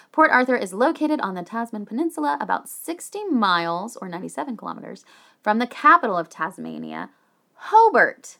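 A woman's voice: mid-range voice, very animated, moderate pace, fairly bright tone. A woman from the United States co-hosting a podcast, reading history notes in a casual chat with swearing and jokey asides. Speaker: podcast co-host.

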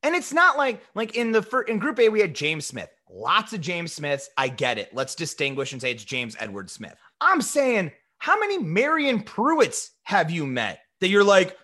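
Lively, high-pitched joking man. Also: moderate pace, hardly any pauses. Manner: animated, joking, frequent restarts. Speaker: podcast co-host. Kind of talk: casual podcast banter.

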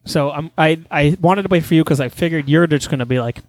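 A man's voice: fairly high pitch, quick pace, dry recording. A man co-hosting a casual podcast chat, joking loosely and swearing a lot. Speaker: podcast co-host.

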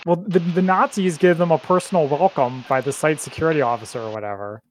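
A man in a casual chat among friends, calmly steering the talk back on track. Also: fairly high pitch, quick pace, crowd noise, rough recording.

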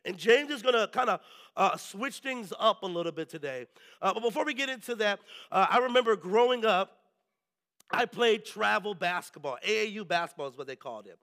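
A male pastor preaching a sermon, telling lively stories and often checking in with the congregation. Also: high-pitched, fairly quick. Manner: lively storytelling, keeps asking the crowd "right?".

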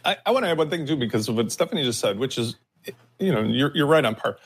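A man's voice: medium pitch, lively intonation, fast talker, husky. A man co-hosting a casual panel discussion, opinionated and emphatic, stretching out his key words. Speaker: podcast co-host.

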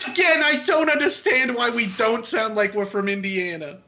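A man's voice: very high voice, normal speed, bright, forceful tone, slight background noise. A man co-hosting a podcast in casual chat, joking and laughing often. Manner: jokey, puts on gruff voices, laughs often.

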